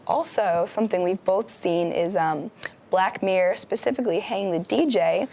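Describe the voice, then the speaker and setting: Creaky-voiced young woman chatting. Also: medium pitch, moderate pace, darkish tone. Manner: chatty, retells plots with many fillers. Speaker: guest co-host. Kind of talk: casual pop-culture chat. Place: campus TV studio.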